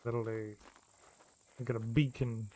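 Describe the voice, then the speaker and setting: A man streams a survival game, swearing freely and talking himself through the play in live commentary. His medium-pitched voice is flat and dark-toned at a measured pace, over faint background noise.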